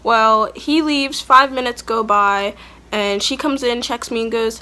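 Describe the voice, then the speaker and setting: In a bright, forceful voice that sits on the high side and moves a little slowly, a young vlogger rambles chattily through the story of her labor. Now and then she stops to talk to her toddler.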